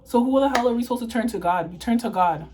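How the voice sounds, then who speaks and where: A woman's voice: a little high, fast talker, crowd noise, poor audio. A young woman from Toronto, Canada, tearful and impassioned, ranting and swearing in an emotional to-camera vlog monologue. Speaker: vlogger.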